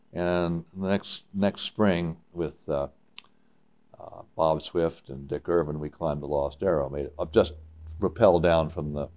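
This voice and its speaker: Older male climber, deep-voiced, spins lively anecdotes with stop-start phrasing. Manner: animated storyteller with halting restarts. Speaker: interviewee, mountaineer. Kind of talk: reminiscing interview.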